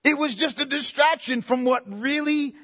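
High-voiced man preaching in echoing hall. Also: moderate pace. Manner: animated, conversational preaching with direct questions to listeners. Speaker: pastor. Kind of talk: sermon.

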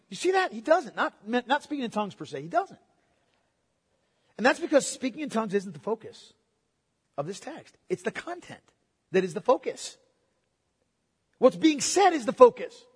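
A man preaching a sermon with emphatic delivery. He repeats key words and moves between loud proclamation and quiet, intimate asides. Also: very high-pitched, husky. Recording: long hall reverb.

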